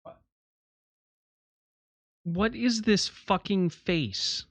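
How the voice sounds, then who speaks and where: Bright-voiced man cracking crude jokes. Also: high-pitched, expressive, drawn-out words. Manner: crude joking. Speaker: fan voice actor and streamer. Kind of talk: casual chat.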